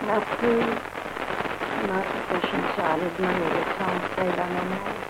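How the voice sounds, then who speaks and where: An actress playing a brisk, world-weary prostitute, talking in a brassy, businesslike way. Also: female voice, fairly low pitch, heavy background noise, natural voice. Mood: impatient. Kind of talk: radio drama acting.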